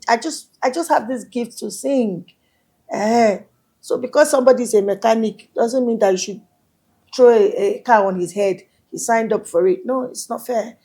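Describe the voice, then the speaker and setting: Animated woman telling her story. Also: on the high side, breathy edge. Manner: animated, acts out others' voices in quotes. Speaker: singer, interview guest. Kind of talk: candid interview storytelling.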